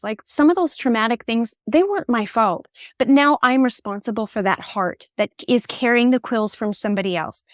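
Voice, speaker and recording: Woman in her 40s telling a story on a podcast, expressive and candid, dry close sound. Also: on the high side, no room sound. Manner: candid and reflective. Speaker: podcast guest. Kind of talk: personal storytelling in conversation.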